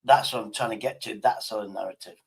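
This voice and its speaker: A man's voice: lowish voice, fast talker, creaky, husky, low-quality recording. A man, a streamer chatting casually, rambling and swearing. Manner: rambling, sweary, restarts his sentences. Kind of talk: casual chat with an AI.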